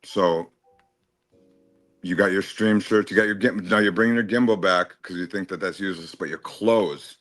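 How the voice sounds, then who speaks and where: A man's voice: low-pitched, normal speed, a bit bright, no room sound, faint music behind. A man in a heated, casual stream chat, taunting and swearing at another panelist. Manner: profane, taunting, confrontational.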